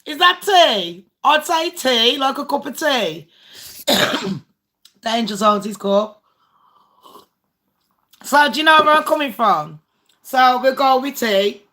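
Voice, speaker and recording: A woman's voice: sits high, lively intonation, slow, pauses often, sharp tone. A woman hosting a casual livestream game with her viewers, blunt and foul-mouthed. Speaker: livestream host.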